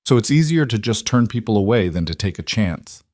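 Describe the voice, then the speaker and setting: Careful, guarded young drifter woman, voiced by a man; low, measured, dry. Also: animated, a little mellow, no room sound, natural voice.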